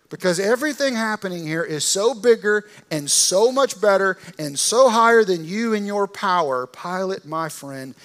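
A man voicing a calm, commanding religious teacher in a sermon, speaking with bold emphasis in slangy modern phrasing. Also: fairly high pitch.

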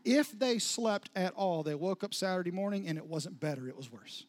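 High-voiced man preaching a dramatic sermon. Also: lively intonation, normal speed. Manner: dramatic storytelling with sudden soft drops and rising intensity. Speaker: pastor.

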